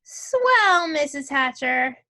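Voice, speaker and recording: A woman's voice: sits high, sing-song, extremely slow, bright, forceful tone, exaggerated voice. A woman playing a bossy wheedling schoolgirl. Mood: eager. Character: bossy pushy schoolgirl, about nine.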